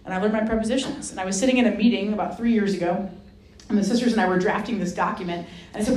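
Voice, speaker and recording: A woman from Rhode Island speaks as a guest, telling a personal story with a lively, self-mocking touch and acting out the voices of the people in it. Her voice sits at a middle pitch. The sound carries a roomy echo. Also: racing. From Rhode Island, USA. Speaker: guest speaker, Franciscan sister. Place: hall with an audience.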